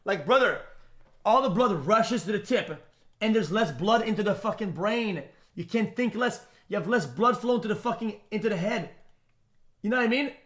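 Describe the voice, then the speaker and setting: Young male streamer, high voice, rambling and profane, stammering reaction commentary. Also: lively intonation, moderate pace.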